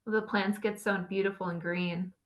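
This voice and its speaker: A woman's voice: mid-range voice, steady tone, moderate pace, rough recording. A woman guest in a casual podcast chat, agreeable and affirming.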